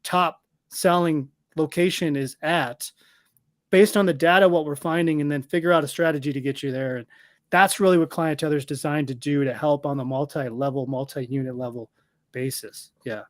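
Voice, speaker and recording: A man talking as a guest in a casual interview, walking through how his product works with confident, steady explanations. His voice sits a little higher than most men's and sounds dry and close, with no room echo. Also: normal speed. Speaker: software company guest.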